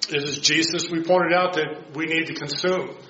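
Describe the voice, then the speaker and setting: Man, Bible class teacher, slightly high voice, rhetorical questions, echoey dull recording. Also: steady tone, moderate pace, bright, forceful tone. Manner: asks the group rhetorical questions.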